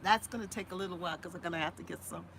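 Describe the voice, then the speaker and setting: A woman's voice: fairly low pitch, very fast, gravelly, slight background noise. A woman hosting a live gardening stream, chatting with viewers in an effusive way and singing a little jingle, recorded on a phone. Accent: Boston. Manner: warm, effusive, sings a homemade jingle. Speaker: gardening channel host.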